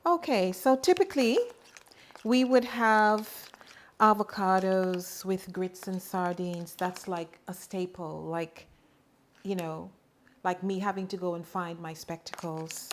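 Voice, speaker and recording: A middle-aged woman giving a home cooking demonstration in her kitchen, chatty and relaxed, with homey asides. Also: fairly low pitch, unhurried, slight background noise. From Bahamas. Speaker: home cook and farmer.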